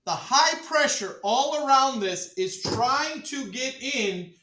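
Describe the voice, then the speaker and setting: A male chemistry teacher running a classroom demonstration, joking with students, repeating "all right" and calling the class ladies and gentlemen. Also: very high voice, expressive, slow. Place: school classroom. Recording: echoey classroom from far off.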